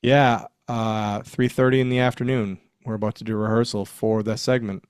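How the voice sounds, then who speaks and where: Smooth and lowish, the voice belongs to a man in his forties who once wrestled and now recounts backstage stories in a casual interview. He speaks at a normal speed, acts out quotes, and laughs often, as a lively storyteller would. The audio is clean studio sound with no room sound.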